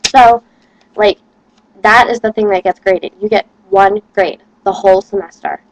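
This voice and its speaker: A woman's voice: mid-range voice, steady tone, measured pace, dry recording, poor audio. A young woman, a college student, rambling casually to camera and complaining with lots of "like". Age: young adult.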